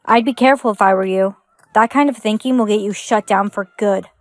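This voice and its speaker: A woman's text-to-speech voice playing a friendly young man in a flat, synthetic way. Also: mid-range voice, brisk, dry recording, close to an everyday voice.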